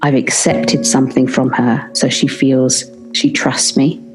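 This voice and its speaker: A woman's voice: extremely low pitch, level tone, measured pace, over music. A British woman who works as a midwife, telling a story in a podcast interview and acting out the dialogue she quotes. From Britain. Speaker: midwife guest.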